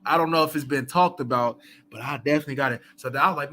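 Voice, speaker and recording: A man's voice: mid-range voice, rapid-fire, pushed and bright. A man hosting a casual live book chat, talking loosely with many fillers and asides and laughing often between thoughts.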